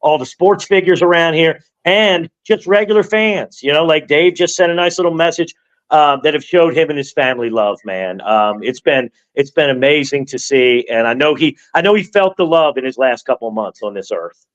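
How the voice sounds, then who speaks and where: A man's voice: normal speed, dull audio. A man who hosts a sports radio morning show, chatting casually as a guest and telling stories with jokes. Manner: storytelling, joking, drops low and soft when somber. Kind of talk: casual podcast chat.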